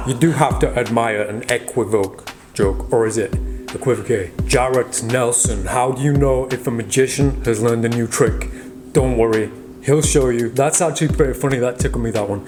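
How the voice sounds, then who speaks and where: A man's voice: mid-range voice, moderate pace. A man hosting a magic vlog, casually reading out viewers' joke comments and teasing an off-camera helper. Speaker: magician host. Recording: background music.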